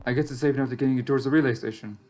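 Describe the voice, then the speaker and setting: A man's voice: mid-range voice, fairly even intonation, rapid-fire, a little mellow, soft background music, lightly acted. A man reading as an anxious stranded survivor. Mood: musing. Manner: reflective, rises sharply when alarmed. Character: lost young adult survivor, anxious, wry. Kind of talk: reading a text game aloud.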